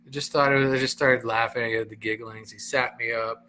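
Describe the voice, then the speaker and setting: A middle-aged man, a comedian and host, casually telling a personal story in an animated way, acting out the other people's voices. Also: medium pitch, brisk, hardly any pauses, a little hiss or hum. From Southern Florida. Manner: animated, acts out quoted voices, frequent laughter.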